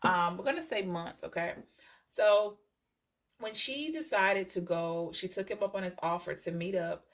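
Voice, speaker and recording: A woman's voice: mid-range voice, unhurried. A woman tarot reader telling a story to her viewers in a chatty way, often checking in with "okay?" and repeating phrases.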